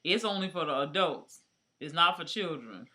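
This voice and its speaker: Sassy aave co-host, high lively voice, super bright. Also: male voice, moderate pace. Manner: blunt, sassy quips. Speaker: podcast co-host. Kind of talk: casual chat.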